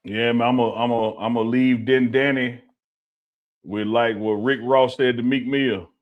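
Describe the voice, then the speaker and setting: A man's voice: medium pitch, fairly even intonation, measured pace, narrow, tinny audio. A man co-hosting a casual live-stream show, teasing his partner and laughing often. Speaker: co-host.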